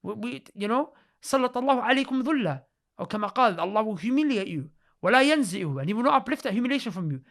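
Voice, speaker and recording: A man talking with emotion in a religious podcast discussion, repeating himself for emphasis, restarting his sentences and reciting Arabic verses in quick bursts. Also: high voice, lively intonation, creaky, a bit bright. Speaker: podcast speaker.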